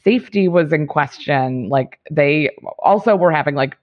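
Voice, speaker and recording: A woman's voice: low-pitched, moderate pace. A woman comedian telling a rambling story in casual podcast chat, laughing between her thoughts. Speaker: guest comedian. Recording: dull lo-fi sound.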